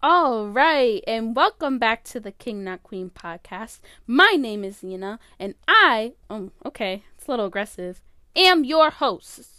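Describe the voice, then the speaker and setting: Teen girl, podcast host, high voice, smooth tone, rambling and full of fillers, dry close sound. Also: animated, moderate pace, hardly any pauses, bright, forceful tone, no echo. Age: late teens. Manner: rambling, filler-heavy, self-interrupting. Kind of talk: casual solo podcast chat. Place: bedroom at home. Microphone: phone.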